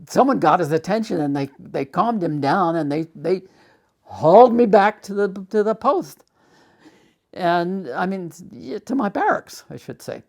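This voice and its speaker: An older man recounting his life story in a halting, emotional way, acting out old arguments loudly. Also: on the high side, vocal fry.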